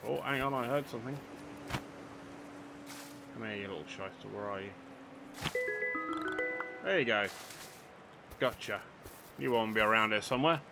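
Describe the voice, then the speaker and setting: Low-voiced older man gaming. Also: normal speed, creaky, pauses often, loud music behind the voice. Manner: chatty, self-mocking, dry humour, talks to game characters. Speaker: gaming channel host. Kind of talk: casual let's play commentary.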